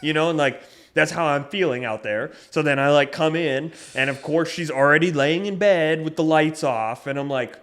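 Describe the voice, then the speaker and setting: A young man co-hosting a podcast, rambling through a story with lots of swearing and getting loud when riled up. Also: a little high, moderate pace. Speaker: podcast co-host. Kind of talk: casual chat.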